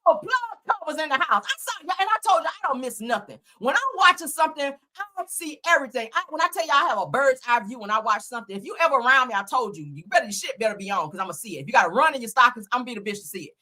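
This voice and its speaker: A woman's voice: high voice, lively intonation, rapid-fire, hardly any pauses, bright, forceful tone. A woman hosting her own channel, giving a blunt, profane and heated rant about a reality TV show, full of sarcasm and repeated lines. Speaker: host. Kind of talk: ranting reality TV commentary.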